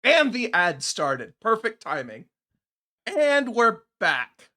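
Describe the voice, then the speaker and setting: A bright, fairly high-voiced man talking to his audience during a gameplay livestream. He rambles casually and slides into sarcastic, exasperated grumbling, with his pitch climbing when something annoys him. It sounds like a desk mic at a home streaming setup. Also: big pitch swings, slow. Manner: chatty, sarcastic, exasperated complaining about the game.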